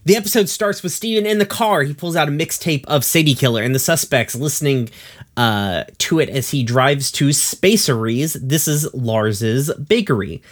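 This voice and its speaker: A man's voice: a little high, animated, moderate pace. A man casually recapping a cartoon episode on a podcast, laughing and swearing as he goes. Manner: casual, profane, laughs while summarizing.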